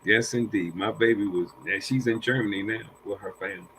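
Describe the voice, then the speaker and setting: A man's voice: fairly low pitch, steady tone, fairly quick, a bit bright, slight background noise, low-quality recording. An older man casually telling family stories, acting out what people said and repeating phrases as he goes. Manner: acts out quoted dialogue with a raised voice. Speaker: panel guest. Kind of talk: casual storytelling.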